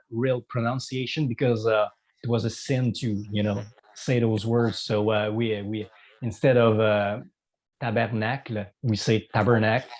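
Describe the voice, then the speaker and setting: A man's voice: mid-range voice, a little mellow. A man from Quebec with a Quebec French accent, a guest musician in a casual interview, talking hesitantly with many fillers and restarts.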